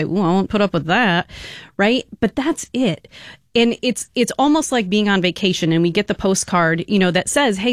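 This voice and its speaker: A woman's voice: medium pitch, no echo, studio quality. A woman expert on domestic violence gives an earnest interview answer, explaining with everyday examples.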